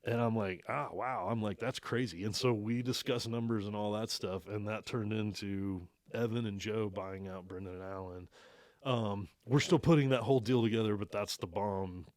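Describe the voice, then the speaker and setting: A man's voice: fairly low pitch, moderate pace, no echo, studio quality. A man who owns an archery shop, telling a story in a casual interview, laughing often and acting out the lines of the people he quotes. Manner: laid-back, laughs often, acts out quoted talk. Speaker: archery shop owner, guest.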